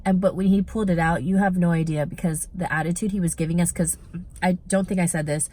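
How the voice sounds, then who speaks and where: A woman vlogging from a shopping mall, telling a story in a chatty, animated way with many "like" fillers. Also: on the low side, quick pace. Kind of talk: casual storytime chat.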